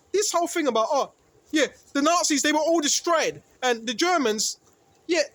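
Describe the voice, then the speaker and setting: A man teaching from the Bible in a sermon, asking rhetorical questions and often tagging lines with "right?". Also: a bit bright. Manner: preachy, asks rhetorical questions, repeats "right?"; rises in pitch and volume when emphatic. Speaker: street preacher.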